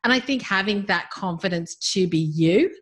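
A woman's voice: mid-range voice, lively intonation, moderate pace, slightly rough. A woman co-hosting a business podcast, speaking in an earnest, encouraging way. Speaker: podcast co-host, business owner. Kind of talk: casual business chat.

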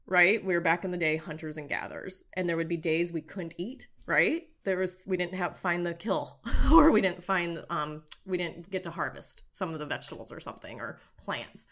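A woman nutritionist talking as a guest in a casual interview, lively and animated, acting out little quotes with big jumps in pitch. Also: moderate pace, few pauses.

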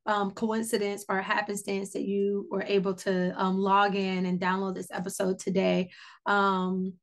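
A woman's voice: mid-range voice, fairly bright tone. A woman in her thirties hosting a faith podcast, telling a personal story in a chatty way with many "um" fillers. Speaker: podcast host.

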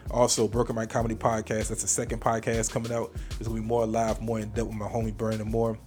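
Laid-back man hosting a casual podcast, chuckles a lot, mid-pitched, faint music under him. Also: completely flat delivery, quick pace, darkish tone. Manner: laid-back, laughs often, repeats himself. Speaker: podcast host.

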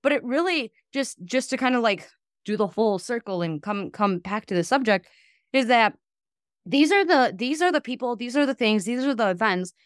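Speaking with a clean, fairly high-pitched voice, a thirty-something gut health practitioner hosts a casual podcast, rattling along animatedly with lots of fillers and asides. It's studio-quality audio without room sound.

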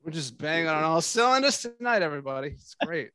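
A man co-hosting a podcast, chatting casually and excitably, swearing freely. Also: a little high, quick pace, a little hiss or hum. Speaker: podcast co-host. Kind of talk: casual chat.

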